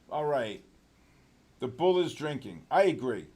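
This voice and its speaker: A man hosting a live trading session, talking fast and excitedly with sudden loud exclamations. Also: medium pitch, breathy edge. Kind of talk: live trading room commentary.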